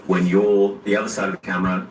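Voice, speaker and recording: A man's voice: sits low, level tone, fast. A man interviewing an actor, casual and jokey with wry asides. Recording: echoey room from far off with faint noise.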